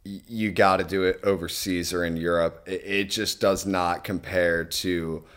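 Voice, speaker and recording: A young American man co-hosting a podcast, speaking earnestly and gratefully with halting restarts. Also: low voice, flat delivery, a bit bright, clean tone. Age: young adult. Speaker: podcast co-host. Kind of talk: casual chat.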